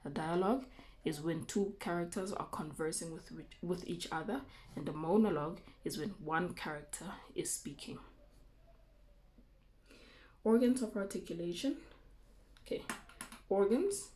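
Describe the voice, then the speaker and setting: Woman teacher with a low voice. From South Africa. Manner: explaining slowly with frequent okays and ums. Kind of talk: recorded remote lesson.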